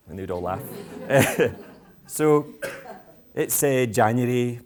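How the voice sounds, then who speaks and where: His mid-range voice is expressive, unhurried and a little mellow. He is a Scottish education speaker at a school event, entertaining a live audience of parents with a playful, provocative, self-mocking talk.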